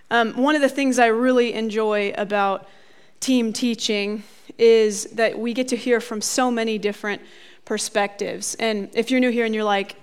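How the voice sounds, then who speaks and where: A woman preaching a sermon in a conversational style with animated asides. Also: fairly high pitch, clean tone. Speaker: pastor.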